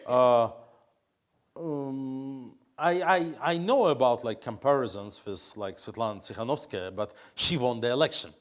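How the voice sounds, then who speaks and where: A man's voice: mid-range voice, a little slow. A man, answering interview questions in English with frequent fillers and restarts. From Russia. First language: Russian. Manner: hesitant, many fillers and restarts. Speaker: interview guest, opposition politician.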